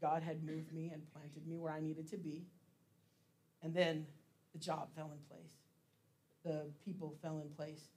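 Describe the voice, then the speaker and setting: A man's voice: a little high, completely flat delivery, measured pace, a little mellow. A man giving a casual sermon as pastor, chatty and laughing often, with plenty of fillers.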